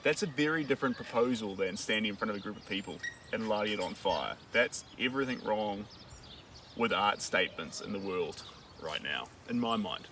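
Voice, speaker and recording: A man's voice: lowish voice, lively intonation, a little fast, pushed and bright. A man chatting casually on a live stream while painting a dog portrait, rambling and joking as he thinks aloud. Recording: distant mic with outdoor noise.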